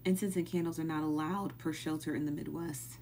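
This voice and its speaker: A woman's voice: sits low, steady tone, fairly quick, mellow, slight background noise. A woman hosting a live stream, chatting casually and asking the same baffled questions again and again while thanking viewers as they join.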